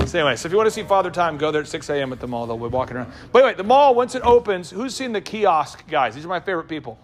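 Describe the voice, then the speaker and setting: A man hosting a business talk show, joking and firing quick questions at the people in the room. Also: a little high, a little hiss or hum. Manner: animated, jokey, quick asides to the room. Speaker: business coach and show host. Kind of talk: lively talk to a live room.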